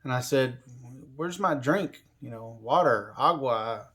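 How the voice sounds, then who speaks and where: A man's voice: medium pitch, animated, a little slow, sharp tone. A man casually telling a personal story in a rambling, conversational way, full of fillers like "you know" and "like.".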